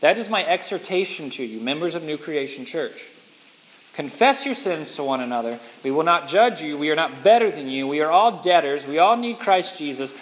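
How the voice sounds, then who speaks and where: Emphatic male preacher with lively pitch. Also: normal speed, in a large hall, poor audio. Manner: emphatic, asks the congregation questions. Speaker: pastor. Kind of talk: sermon.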